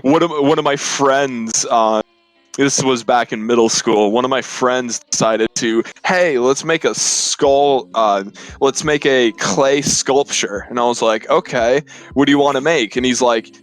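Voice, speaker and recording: A man's voice: mid-range voice, poor audio. A man in casual chat with friends, telling a story unhurriedly with fillers. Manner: unhurried storyteller with fillers and laughter-prone delivery. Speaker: podcast co-host.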